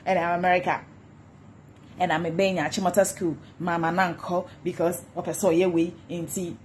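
A woman's voice: on the low side, level tone, normal speed, darkish tone, a little hiss or hum. A Ghanaian woman ranting in a gossip vlog, repeating insults and taunts in a mocking tone. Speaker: social media commentator.

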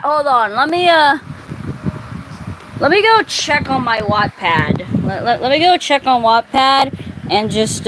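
A woman chatting casually and reading fan fiction aloud, laughing often and muttering exasperated asides. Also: medium pitch. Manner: giggly, breaks into laughter often. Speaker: video creator. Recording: clear background noise.

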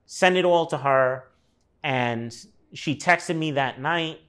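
A man's voice: a little high, slow pace, fairly bright tone, clean tone. A man in his thirties telling a personal story in a loose, rambling way, with lots of fillers and swearing. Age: 30s. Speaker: artist guest. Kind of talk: casual storytelling conversation.

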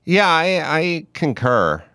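A middle-aged man hosting a podcast, asking musing, deliberate questions in casual conversation. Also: fairly high pitch, big pitch swings, bright, forceful tone, clear, resonant tone, dry recording, studio quality. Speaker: podcast host. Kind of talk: casual interview chat.

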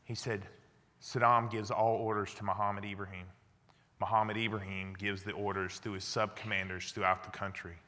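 A man, a former army interrogator, telling a story to an audience, dropping low and quiet for the quoted lines. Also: fairly even intonation, normal speed, a little hiss or hum. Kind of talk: storytelling lecture. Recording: long hall reverb.

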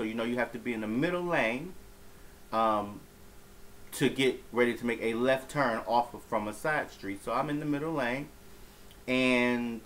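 A man's voice: medium pitch, a bit bright, slight background noise, rough recording. A man telling a personal story in a casual vlog, rambling and profane, with many fillers and restarts.

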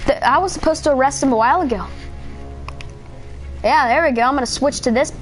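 A man voicing a bossy, self-important male police officer during gameplay commentary, scolding in a pompous rapid-fire way and straining his throat. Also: very high-pitched, a bit bright, faint music behind. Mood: stern.

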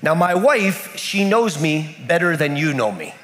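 Animated male preacher in an echoey hall. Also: on the high side, measured pace. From United States. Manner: storytelling with repetition. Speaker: pastor. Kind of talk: sermon. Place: church in Kenya.

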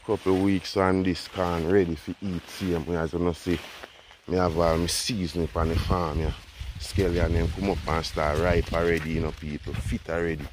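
Deep-voiced Jamaican farmer chatting outdoors. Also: male voice, moderate pace. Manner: relaxed, chatty, keeps saying "you know, people". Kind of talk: casual walk-and-talk farm vlog. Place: outdoors on a farm.

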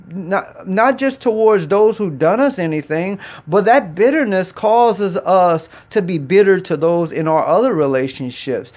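A man with a notably high speaking voice delivers a sermon. He exhorts earnestly, circling back over his phrases and stumbling into restarts as he presses his point. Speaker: preacher.

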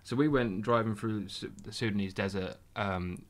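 A man's voice: on the low side, normal speed. A young man telling travel stories as a podcast guest. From Britain. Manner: animated anecdote-telling. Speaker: podcast guest, round-the-world scooter traveller. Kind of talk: casual interview storytelling.

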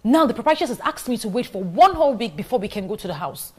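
A woman's voice: fairly high pitch, sing-song, quick pace, distant mic. A young woman playing a determined schoolteacher who speaks firmly and confronts people head on. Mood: insistent. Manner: firm, confrontational. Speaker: teacher. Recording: noisy background.

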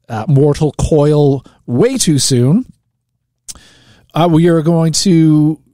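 A man's voice: a little high, dark tone, dry recording, studio quality. A man hosting a live talk radio show, chatting casually and joking, with lots of fillers and restarts. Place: radio studio.

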